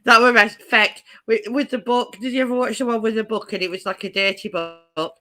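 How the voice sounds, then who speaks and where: A woman's voice: on the high side, steady tone, pushed and bright. A woman chatting casually as co-host, giggly and teasing. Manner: giggly, teasing, drawn-out swearing. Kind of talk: casual chat.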